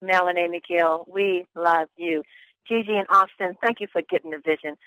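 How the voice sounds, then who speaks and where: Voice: medium pitch, fairly even intonation, normal speed, clean tone, no room sound, dull audio. A pastor hosting a motivational business conference call, gushing and effusive, repeating phrases for emphasis. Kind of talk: hyped-up motivational call host.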